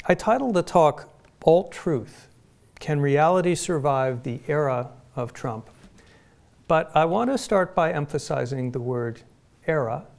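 A middle-aged man from Phoenix giving a prepared public lecture, measured and deliberate, with pointed emphasis. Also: mid-range voice, vocal fry, a little mellow. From Phoenix, Arizona, US. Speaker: guest lecturer. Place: lecture hall.

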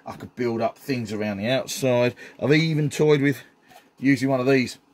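A man's voice: mid-range voice, moderate pace, darkish tone. A middle-aged man, chatting enthusiastically while showing off his hobby builds, with frequent ums. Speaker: scenery builder. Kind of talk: casual hobby show-and-tell.

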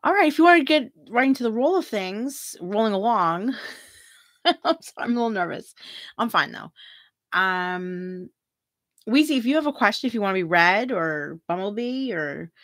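A woman's voice: mid-range voice, animated, moderate pace, a bit bright, dry recording, studio quality. A middle-aged woman hosting a free tarot reading livestream, chatting casually, giggling often and reading viewer comments aloud.

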